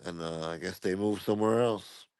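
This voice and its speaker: A man's voice: low voice, normal speed, darkish tone, clear, resonant tone, dry recording. A man hosting a channel, telling stories in a laid-back, rambling, crude way. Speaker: channel host. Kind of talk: casual storytelling commentary.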